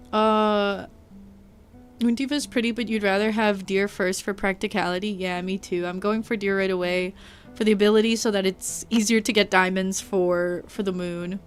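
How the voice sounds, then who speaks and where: A woman streaming a video game, chatting casually and rambling to her chat, sometimes talking with her mouth full. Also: mid-range voice. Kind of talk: casual live-stream chat while gaming. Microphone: desk mic.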